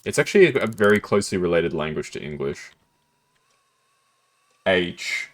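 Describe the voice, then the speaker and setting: A man with a low voice talks through a detective game on stream, keeping it loose and jokey and poking fun at himself. His delivery is lively, swinging up and down in pitch. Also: moderate pace. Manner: playful, giggly, self-deprecating. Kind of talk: casual gameplay commentary.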